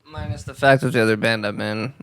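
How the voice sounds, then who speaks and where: A man's voice: lowish voice, fast, fairly bright tone. A man in a band speaking hesitantly in a casual podcast interview, trailing off. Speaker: band member.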